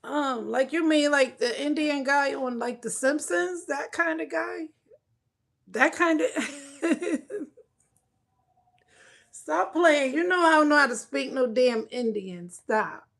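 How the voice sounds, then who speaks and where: At home, a woman with a high voice and vocal fry livestreams and chats casually with viewers. She's loud and joking, curses, and talks back to the chat.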